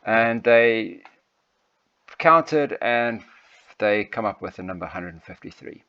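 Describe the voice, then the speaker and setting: A man preaching a study of a Bible passage, talking loosely with many ums, pauses and restarts. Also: fairly low pitch, expressive, pushed and bright, clear, resonant tone. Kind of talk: sermon text study with slides. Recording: dull lo-fi sound.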